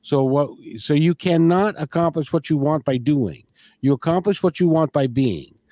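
A man's voice: a little high, lively intonation, moderate pace, mellow, dry recording, studio quality. A man hosting a spiritual conversation, earnest, often repeating words as he thinks. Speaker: podcast host.

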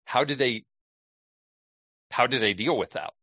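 A man's voice: mid-range voice, measured pace, pushed and bright, no room sound. A man hosting a real estate podcast, building up a question to his guest with many restarts. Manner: thinks aloud with restarts while setting up a question. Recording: dull muffled podcast audio.

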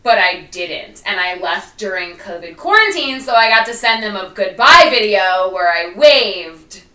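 A woman's voice: mid-range voice, lively intonation, measured pace, sharp tone, reverberant, recorded from a distance, rough recording. A woman who is a former teacher co-hosting a podcast in casual chat, with fillers and laughs. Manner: chatty, many fillers and laughs.

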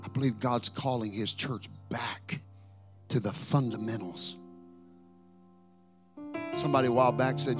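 A male pastor preaching a sermon, chanting scripture in a sing-song rhythm that rises to shouting. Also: medium pitch, steady tone, moderate pace, long pauses, over music.

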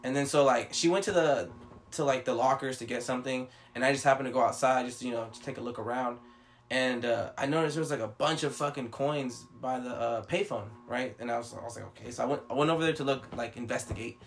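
A man's voice: mid-range voice, quick pace. A man telling a long story in casual chat, rambling and swearing, acting out what others said. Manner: rambling, profane, with many fillers and acted-out quotes.

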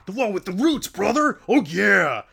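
An actor reading the lines of a bold, impatient teenage girl in a storybook, loud and pushy. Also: high-pitched, big pitch swings, normal speed, creaky, breathy edge, pitched above the performer's own voice, heavily acted.

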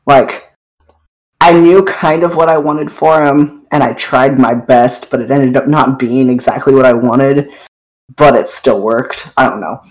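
A man's voice: mid-range voice, measured pace, low-quality recording. A man on a tabletop podcast, talking hesitantly about his player characters. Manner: hesitant, unsure. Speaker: podcast co-host. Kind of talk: casual chat.

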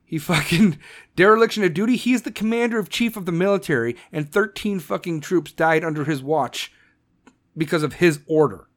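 Angry, profane man ranting in a high voice. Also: brisk. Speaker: podcast host. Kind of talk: political rant.

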